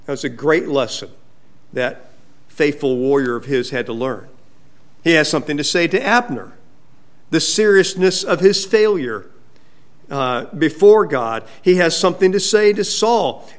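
High-voiced preacher asking rhetorical questions. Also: male voice, lively intonation, unhurried. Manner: asks the congregation rhetorical questions. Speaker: pastor. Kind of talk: sermon.

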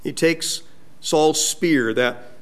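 A man's voice: fairly high pitch, extremely slow, a bit bright, clear, resonant tone. A male pastor preaching a sermon, asking his congregation rhetorical questions.

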